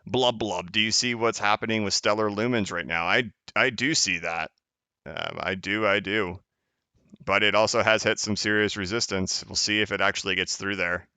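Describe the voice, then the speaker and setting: A man's voice: fairly low pitch, moderate pace, pushed and bright, smooth, no echo. A man hosting a crypto live stream, chatting casually as he reads viewer comments, rambling and correcting himself, often laughing.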